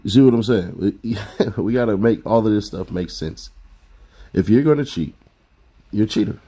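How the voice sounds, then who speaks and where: A man's voice: lowish voice, lively intonation, normal speed, warm tone, husky. A man hosting a commentary rant, blunt and profane, lecturing viewers with rhetorical questions. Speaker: commentary host.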